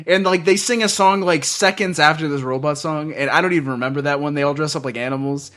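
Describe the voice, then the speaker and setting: A man's voice: a little high, fast, fairly bright tone. A man co-hosting a podcast in casual chat, laughing often and restarting his sentences. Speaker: podcast co-host.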